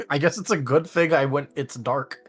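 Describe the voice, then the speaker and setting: A man narrating as game master in a tabletop game, in a relaxed, unhurried way. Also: on the high side, faint music behind.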